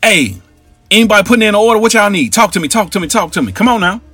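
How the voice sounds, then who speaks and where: A man putting on a pushy, high-pitched hustler. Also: expressive, sharp tone, no room sound, soft background music, full character voice. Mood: eager hustling. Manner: pushy, repeats himself, quick patter. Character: fast-talking hustler man taking everyone's orders.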